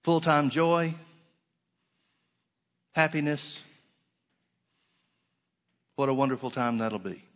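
A man preaching a sermon, earnestly repeating key phrases and slowing down to stretch out the scripture he quotes. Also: mid-range voice, fairly bright tone.

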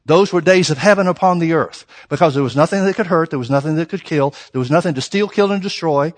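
A man preaching a sermon, reading scripture slowly and pressing his points with rhetorical questions to the congregation. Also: fairly high pitch, big-room sound. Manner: reads scripture slowly and deliberately.

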